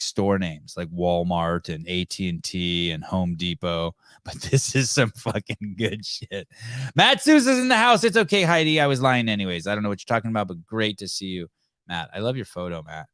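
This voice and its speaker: This man hosts a podcast in a loose, rambling way, swearing freely and laughing often. His voice sits fairly low. The sound is dry and close, with no room echo. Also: fairly bright tone, clear, resonant tone. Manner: rambling, profane, quick to laugh. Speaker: podcast host. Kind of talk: casual live-stream chat.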